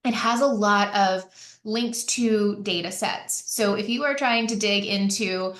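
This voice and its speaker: A woman's voice: mid-range voice, measured pace, fairly bright tone. A woman giving a conversational webinar presentation, with frequent fillers and restarts. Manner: chatty, many fillers and restarts. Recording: echoey room.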